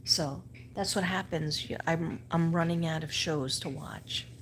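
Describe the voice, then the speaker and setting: A woman's voice: deep voice, fairly even intonation, measured pace, slight background noise. A middle-aged woman with a New York accent, chatting casually with viewers on a livestream, rambling and restarting, sometimes dropping to a whisper. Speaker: livestream host.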